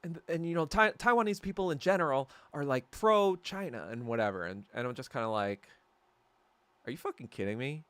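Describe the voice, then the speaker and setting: Talking a little fast with hardly any pauses, a man hosting a podcast rambles through a heated, profane rant and keeps correcting himself. His slightly high voice swings widely in pitch and sounds a bit bright, clear and resonant, with no echo.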